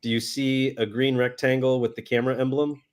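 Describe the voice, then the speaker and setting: A man's voice: mid-range voice, level tone, brisk. A man in a casual group chat, telling an anecdote in a loose, rambling way with quoted bits. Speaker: podcast co-host.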